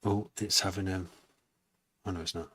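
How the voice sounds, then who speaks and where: A man's voice: low-pitched, fairly even intonation, normal speed, fairly bright tone, dry recording. A man with a slight Wrexham accent, talking to himself while producing music, musing aloud with wry asides and many restarts. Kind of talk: casual self-talk while making music.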